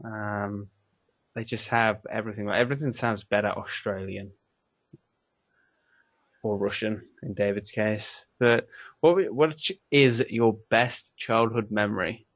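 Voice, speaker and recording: A man's voice: fairly low pitch, fairly even intonation, a little slow, a bit bright, no echo. A man with an English accent hosting a casual podcast chat, rambling and laughing often. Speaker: podcast host. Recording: dry, dull lo-fi mic.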